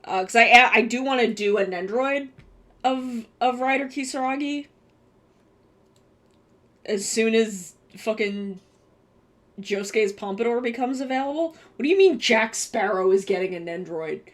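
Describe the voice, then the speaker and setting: A young adult woman chatting casually on a live stream, excitable and swearing, with bursts of gushing. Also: fairly high pitch, a little slow.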